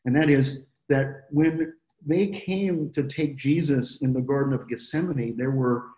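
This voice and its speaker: Male Bible study leader, earnest and halting, soft dark tone, roomy sound. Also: medium pitch. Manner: earnest, stops and restarts often while explaining. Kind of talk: conversational Bible teaching. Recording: roomy echo.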